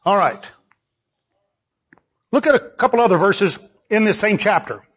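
Male preacher, high raspy voice, hammering points home in a muffled sermon recording. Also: animated, a little slow, fairly bright tone. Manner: emphatic, repeats phrases for stress.

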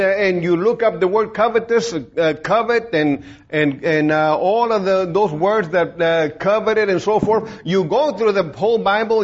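A man preaching an informal sermon in a plain-spoken, folksy way, rambling with many fillers and restarts. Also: high-pitched. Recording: dull lo-fi recording.

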